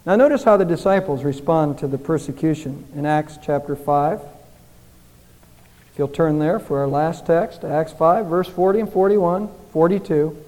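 A male pastor with a high, mellow voice delivers an earnest sermon. He presses the congregation with rhetorical questions that swell and then drop to hushed pleading. The sound rings with a long church-hall reverb. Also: normal speed. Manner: earnest preaching with rising and falling intensity, rhetorical questions. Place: church sanctuary.

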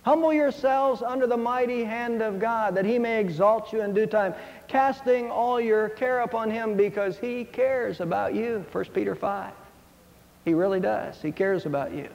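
A man's voice: sits high, normal speed, gravelly, a little mellow. A man preaching a sermon, telling a fable and quoting scripture earnestly and with emphasis. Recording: dull lo-fi sound in a reverberant hall.

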